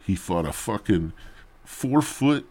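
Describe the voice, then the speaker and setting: Low-voiced man ranting crudely. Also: lively intonation, slow pace, darkish tone, husky. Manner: crude, rambling, mock-serious storytelling. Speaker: podcast host. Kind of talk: profane comedic rant. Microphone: podcast mic.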